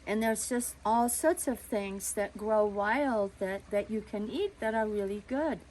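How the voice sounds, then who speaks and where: A woman's voice: mid-range voice, a little slow, darkish tone, natural voice, low-quality recording. A woman voicing an eager ten-year-old girl. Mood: earnest.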